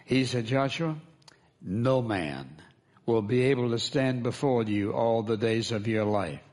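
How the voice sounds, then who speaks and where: A man's voice: mid-range voice, a little slow, a little mellow. A man as pastor, preaching a sermon, calling for responses from the congregation and repeating key phrases for emphasis.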